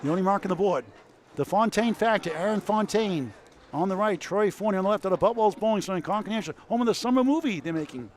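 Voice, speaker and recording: A man with a New England accent giving brisk score updates and play-by-play for a bowling match in a bowling alley. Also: high-pitched, expressive. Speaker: bowling commentator. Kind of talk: live sports commentary.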